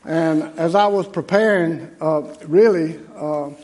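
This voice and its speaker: A man's voice: fairly high pitch, a little slow, darkish tone. A man, an associate pastor giving a conversational, folksy sermon to his congregation in a church. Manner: conversational, folksy, with many restarts and asides to the congregation. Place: church sanctuary.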